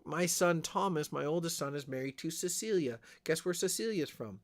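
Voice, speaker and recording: A man's voice: sits high, moderate pace. An older man from Alberta, Canada, hosting a casual livestream, rambling and chatting with viewers and answering their comments. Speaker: livestream host. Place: small town home.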